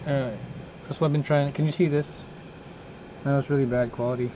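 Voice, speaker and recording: A man's voice: mid-range voice, steady tone, fairly quick. A man co-hosting a casual podcast over a video call, chatting loosely and swearing now and then. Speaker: podcast co-host. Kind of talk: casual chat. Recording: lo-fi call audio with clear background noise.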